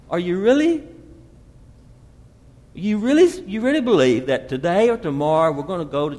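A man in his fifties preaching a sermon, sweeping from loud emphasis to hushed asides. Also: a little high, big pitch swings, moderate pace, in a large hall. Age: 50s. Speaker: pastor.

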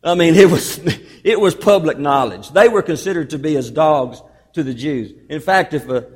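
A male pastor preaching a sermon, with emphatic delivery that swings between loud stresses and hushed, drawn-out phrases. He often addresses the congregation as beloved. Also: fairly high pitch, breathy edge, in a large hall.

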